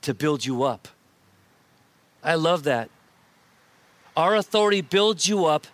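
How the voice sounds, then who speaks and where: A male pastor preaching a sermon, lively and emphatic, often repeating his key points. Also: on the high side, slow, no room sound. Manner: animated preaching with shifts of emphasis and repetition.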